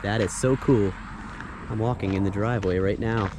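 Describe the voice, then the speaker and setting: An excited man narrating a casual walk-and-talk outdoors, chuckling often as he retells scenes. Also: fairly low pitch, normal speed. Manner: excited, chuckles often, acts out movie lines. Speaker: filming-location vlogger. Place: outdoors on streets and a driveway. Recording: outdoor traffic noise.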